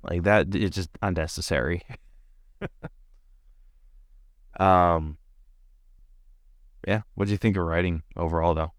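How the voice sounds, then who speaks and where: A man's voice: low voice, fairly even intonation, unhurried, long pauses, smooth, no room sound, studio quality. A man co-hosting a casual movie review podcast, chatty and full of fillers. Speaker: podcast co-host.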